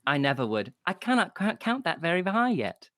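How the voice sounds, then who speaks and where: Guy doing a shy stammery little girl, high and bright. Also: big pitch swings, a little fast, slight background noise. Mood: polite. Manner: hesitant, stammering. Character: timid polite little human girl.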